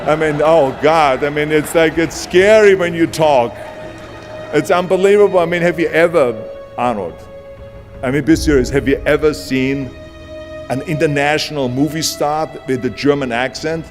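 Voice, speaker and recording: A man's voice: fairly high pitch, normal speed, close to an everyday voice. An Austrian-accented man mimicking a mocking, dismissive male Hollywood agent, with long hall reverb and music behind.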